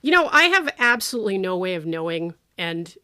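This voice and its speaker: A woman's voice: fairly low pitch, sing-song, a little fast, pushed and bright, smooth. Woman co-host, casual podcast banter, sarcastic, filler-heavy delivery. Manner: chatty, sarcastic, lots of fillers. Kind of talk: casual movie-review chat.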